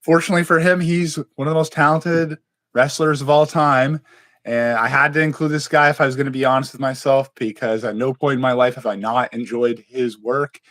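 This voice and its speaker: A man's voice: mid-range voice, steady tone, a little fast, fairly bright tone, no room sound. Blunt, swearing young man, dry sound. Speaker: podcast co-host. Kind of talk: casual chat.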